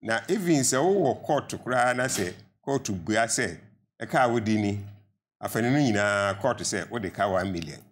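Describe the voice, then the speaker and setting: A man's voice: on the low side, lively intonation, normal speed. An older man with a Ghanaian accent, a pensioner guest in a studio panel debate, arguing earnestly and rising to emphatic appeals.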